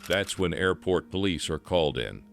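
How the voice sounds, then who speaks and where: A man narrating a scripted documentary in an even, measured storytelling manner. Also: sits low, vocal fry, music in the background.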